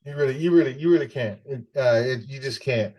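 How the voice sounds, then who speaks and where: A man's voice: medium pitch, darkish tone, poor audio. A man co-hosting a political podcast, speaking casually with many restarts. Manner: halting, many restarts and fillers. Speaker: podcast co-host.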